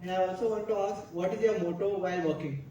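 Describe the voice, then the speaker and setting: A man with an Indian accent in the audience, asking a question haltingly and repeating it. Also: sits high, dark tone, slight background noise. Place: large festival hall. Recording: echoey hall, picked up from far off.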